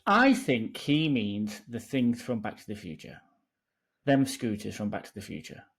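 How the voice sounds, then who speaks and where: A man's voice: lowish voice, moderate pace, gravelly, husky. A man co-hosting a podcast in casual chat, jokey and sweary as he tells stories. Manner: animated, jokey, sweary storytelling. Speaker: podcast co-host.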